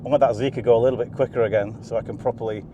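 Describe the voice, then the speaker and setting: An enthusiastic man talks through a hot lap from the driver's seat, chatty and quick to laugh. His voice sits in the middle range for a man. Loud engine and road noise rumble underneath. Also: steady tone, muffled recording. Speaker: automotive video presenter. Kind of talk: excited driving commentary. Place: inside a car on a race circuit. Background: car engine and track noise.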